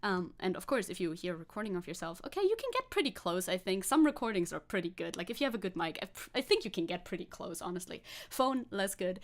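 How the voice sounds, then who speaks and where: A woman's voice: lowish voice, big pitch swings, fast talker, hardly any pauses. A woman chatting on a live stream, rambling and scatterbrained, laughing often between thoughts. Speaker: VTuber streamer. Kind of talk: casual live-stream chat.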